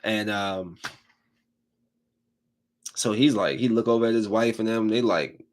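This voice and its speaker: A man's voice: lowish voice, a little slow, a little hiss or hum. A man hosting a podcast who rambles and recaps a movie in a casual, emphatic way. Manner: rambling, animated, emphatic storytelling. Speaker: podcast host. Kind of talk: casual chat.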